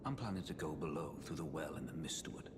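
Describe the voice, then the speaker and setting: An actor playing a terse, gruff male adventurer in a video game. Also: rumbling low, expressive, fast, noisy background.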